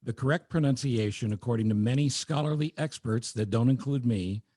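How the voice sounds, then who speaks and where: A man's voice: medium pitch, a little fast, no room sound. A man hosting a podcast, chatting casually and joking wryly with his co-host. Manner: wry, joking, lively delivery. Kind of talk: casual chat.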